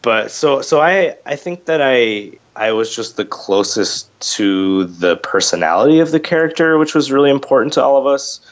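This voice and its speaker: A man's voice: medium pitch, lively intonation, moderate pace, few pauses, lo-fi sound. A man being interviewed as a voice actor guest, chatting casually with lots of fillers and restarts, a little under the weather with a cold. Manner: chatty, self-deprecating, many fillers and restarts.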